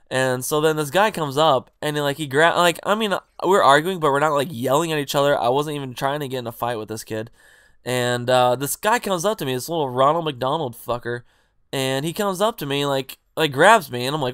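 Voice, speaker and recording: A man's voice: medium pitch, fairly quick, clean tone, dry recording, studio quality. A young man in a casual storytime vlog, rambling and swearing as he retells a party argument with quoted back-and-forth. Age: young adult. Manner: rambling, profane, animated retelling with quoted dialogue. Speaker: vlogger.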